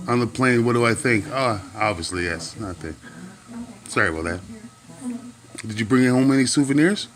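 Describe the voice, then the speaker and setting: A man's voice: medium pitch, expressive, normal speed, fairly bright tone. A man chatting playfully with his dog, asking teasing questions. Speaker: dog owner. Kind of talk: playful one-sided chat with his dog.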